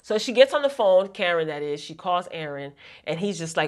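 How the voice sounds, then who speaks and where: A woman's voice: fairly low pitch, animated, brisk. A woman reviewing a TV episode in a casual vlog, chatty and opinionated, often exasperated with the writing. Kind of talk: casual recap commentary.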